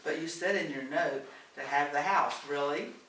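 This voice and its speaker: A man's voice: on the high side, moderate pace, pushed and bright. A man reading as a sarcastic grown daughter. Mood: dry. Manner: dry, sarcastic. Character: guarded, sarcastic adult daughter on the phone. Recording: roomy, distant, faint hiss.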